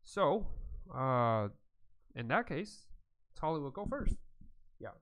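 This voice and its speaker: Relaxed man running a tabletop game. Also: medium pitch, takes it slowly. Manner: loose, filler-heavy, laughs often. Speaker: game master.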